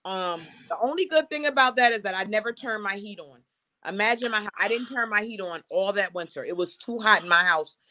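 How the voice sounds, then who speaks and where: A woman hosting a casual talk show, telling a personal story in a frank, animated way with laughs. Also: mid-range voice, a little fast. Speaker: host.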